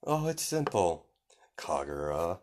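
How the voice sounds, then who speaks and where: A man's voice: sits low, very animated, slow, a little mellow, exaggerated voice. A man voicing a smug young woman villain who gloats over her scheme, raising his voice into a lighter, sing-song tone. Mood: gloating.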